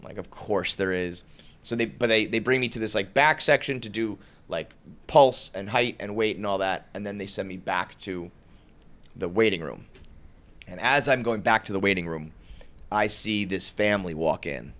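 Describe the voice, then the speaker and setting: A man's voice: on the low side, normal speed, a bit bright. A young man telling a long, rambling story on a podcast, full of "like" and laughing at his own tale.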